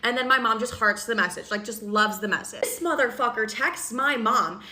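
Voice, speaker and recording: Bright-voiced young woman telling a profane storytime. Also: fairly high pitch, normal speed. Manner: blunt, profane, animated gossiping. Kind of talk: casual storytime vlog.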